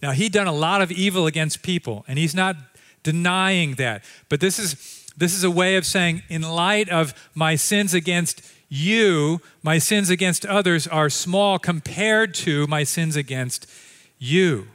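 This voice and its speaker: High, bright-voiced male preacher. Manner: storytelling, conversational, swings from lively to quiet and slow. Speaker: pastor. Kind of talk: sermon. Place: church sanctuary.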